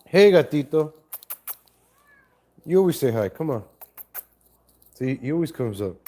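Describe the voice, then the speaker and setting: A man hosts a relaxed live stream from his home, talking into a laptop mic. His voice sits a little high for a man, with a mellow, soft tone. He rambles, restarts his sentences and breaks off to greet viewers. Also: a little slow. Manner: rambling, self-correcting, chats to viewers and cat. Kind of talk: casual live-stream chat.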